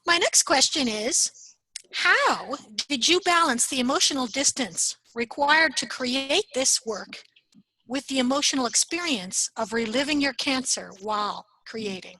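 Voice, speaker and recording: A woman host asking measured interview questions, hesitating now and then. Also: high voice, expressive, pushed and bright, no echo, poor audio.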